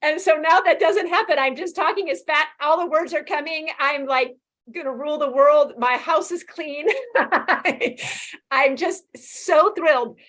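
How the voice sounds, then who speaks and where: A woman in her fifties, appearing as a guest in a casual interview, shares her experience in a testimonial. She talks fast and animatedly in a slightly high voice, laughing easily between thoughts.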